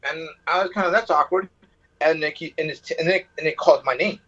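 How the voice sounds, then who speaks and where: Husky man rambling over a phone line. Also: fairly high pitch, quick pace, pushed and bright. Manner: rambling, sarcastic, hot-tempered. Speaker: caller. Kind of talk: telling a personal story.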